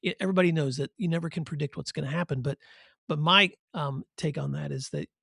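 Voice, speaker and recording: A man's voice: fairly high pitch, fast talker, vocal fry, bright, forceful tone, slightly rough, no echo, clean studio sound. A middle-aged man hosting a podcast, asking questions and reflecting in a thoughtful, encouraging way. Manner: thoughtful, encouraging, builds points in lists. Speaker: podcast host.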